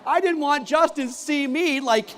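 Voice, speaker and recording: A man giving a conference keynote, telling a classroom story in an animated way and acting out the dialogue himself. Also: very high voice, moderate pace. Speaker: keynote speaker, former teacher. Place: large conference hall. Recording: long hall reverb.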